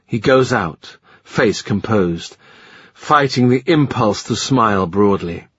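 A man narrating a historical novel in a measured, literary reading style. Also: on the low side, expressive, slightly rough, no echo. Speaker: audiobook narrator. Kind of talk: scripted narration. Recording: slightly muffled dry recording.

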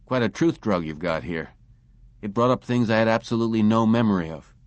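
A man's voice: on the low side, brisk, highs cut off, lightly acted. A man voicing a drugged male clerk who speaks harshly, with a grating, hostile drawl. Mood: drowsy.

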